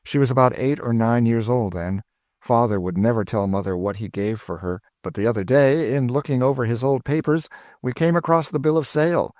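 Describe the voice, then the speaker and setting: A man voicing an earnest, frank young gentleman from Kentucky. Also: medium pitch, fairly quick, dry recording, studio quality, pitched above the performer's own voice, close to an everyday voice.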